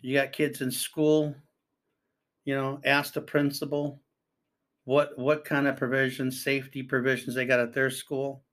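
An older man talks in a loose, rambling way, stopping to read items aloud and then react to them. His voice sits at an ordinary middle pitch. He sounds earnest and fatherly, like someone giving parents advice. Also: flat delivery, a little slow, a bit bright. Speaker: commentator. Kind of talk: casual spoken commentary.

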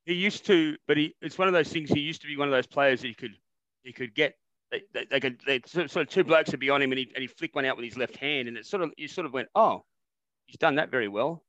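An Australian man co-hosting a satirical podcast, rambling and animated, swearing freely in casual banter. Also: mid-range voice, quick pace, no room sound, muffled recording. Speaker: podcast co-host.

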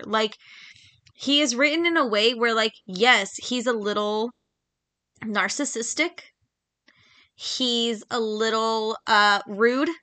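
A woman hosting a podcast, giving casual, animated opinions with lots of "like" fillers. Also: medium pitch. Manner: chatty, animated, frequent "like" fillers, mock voices for others. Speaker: podcast host.

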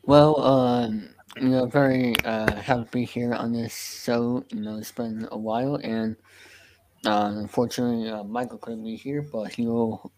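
A man hosting a podcast, hesitant and filling pauses with uh and um. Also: mid-range voice, steady tone, darkish tone, slight background noise, rough recording. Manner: hesitant, lots of uh and um. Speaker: podcast host. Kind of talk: casual group chat.

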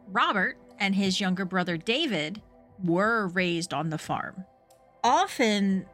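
A young adult woman co-hosting a true crime podcast, telling the story in a relaxed, chatty way with fillers. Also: mid-range voice. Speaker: podcast co-host.

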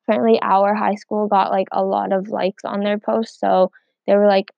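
A woman's voice: medium pitch, flat delivery, normal speed, creaky, darkish tone, no echo, highs cut off. A teenage girl hosting a casual solo podcast from home, rambling and filling every gap with "like". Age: teens. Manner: rambling, heavy use of "like". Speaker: podcast host.

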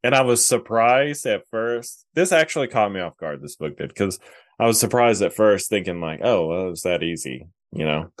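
A man's voice: on the low side, moderate pace, dry recording, studio quality. A man co-hosting a casual comics podcast, laid-back and sprinkling his talk with "man" and "like". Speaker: podcast co-host. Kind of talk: casual chat.

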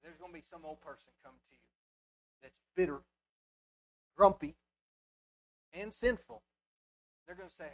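Man preaching with hushed-to-loud swings. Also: a little high, moderate pace, long pauses. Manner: impassioned, swinging from hushed asides to loud emphasis; rhetorical questions to the congregation. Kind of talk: sermon. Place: church before a live congregation.

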